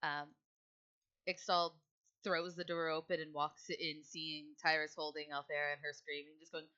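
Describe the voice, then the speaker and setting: Woman narrating a tabletop game, slightly low voice, muffled recording. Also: flat delivery, measured pace, pushed and bright, clean tone. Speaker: game master.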